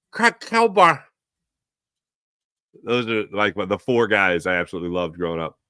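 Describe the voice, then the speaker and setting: A male sports talk host rambles loosely and jokes while reading out viewer chat comments. His medium-pitched voice is bright, forceful, and animated, and the sound is dry and close with no echo or room around it.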